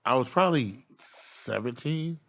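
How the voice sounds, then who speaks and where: A man, a guest comedian, chatting casually on a podcast and telling animated stories with bursts of loud impressions. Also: medium pitch, moderate pace, gravelly. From San Diego.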